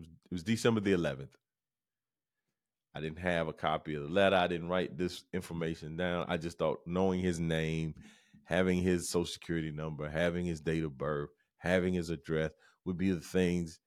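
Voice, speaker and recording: A middle-aged man with a low, deep voice tells a story in a loose, casual way. He sounds exasperated and animated as he recounts it, often stumbling and starting his sentences over. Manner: animated, exasperated retelling with restarts. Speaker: podcast host.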